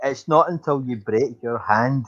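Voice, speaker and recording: A man's voice: medium pitch, unhurried, fairly bright tone, lo-fi sound. A man on a casual livestream chat who explains things matter-of-factly.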